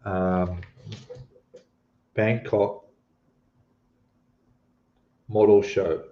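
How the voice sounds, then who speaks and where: Speaking in a lowish, level voice with drawn-out words, an Australian man chats casually on his live stream and reads viewer comments. His talk wanders, full of fillers and restarts, captured in an echoey room with dull lo-fi audio.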